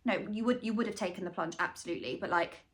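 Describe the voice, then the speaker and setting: A woman's voice: medium pitch, fast. Woman, young, podcast co-host, chatty, giggly, self-mocking. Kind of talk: casual chat.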